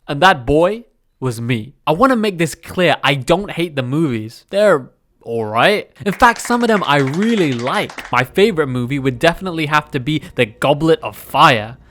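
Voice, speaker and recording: A young man telling a comedic story about himself, animated and mocking, slipping into silly voices. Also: on the high side, normal speed.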